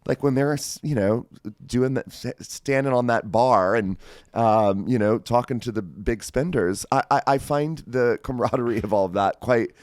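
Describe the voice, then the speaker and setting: A man's voice: medium pitch, normal speed, darkish tone, dry recording, studio quality. Rambling, enthusiastic male podcast guest. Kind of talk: casual chat.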